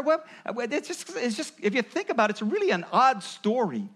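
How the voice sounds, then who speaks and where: A man's voice: very high voice, fairly quick. A man preaching a sermon, explaining and acting out quoted voices as he goes. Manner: animated, acts out voices of parents and Jesus. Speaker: pastor.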